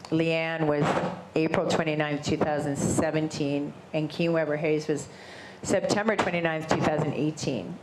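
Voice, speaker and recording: A middle-aged woman, a guest in an interview, telling her story in a casual, animated way and acting out the voices of people she quotes. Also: low voice. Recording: roomy echo with faint ambient noise.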